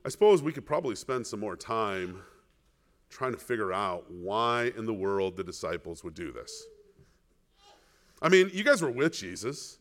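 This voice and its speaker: A man's voice: fairly low pitch, normal speed. A male pastor preaching a sermon, asking the congregation questions and acting out the people in the story. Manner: animated, rhetorical questions, acts out biblical characters.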